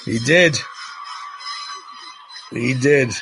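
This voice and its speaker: A middle-aged man co-hosting a podcast, chatting excitedly about a film and telling stories from memory. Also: mid-range voice, drawn-out words, faint music behind. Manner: excited, storytelling, animated recollection. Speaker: podcast co-host. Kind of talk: casual film commentary chat.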